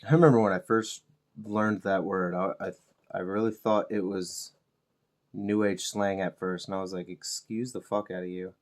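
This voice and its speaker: A man's voice: deep voice, steady tone, moderate pace. Laid-back, rambling, swearing man. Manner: laid-back, swears freely, self-mocking humor. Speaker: miniature painting channel host. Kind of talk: casual rambling chat while painting.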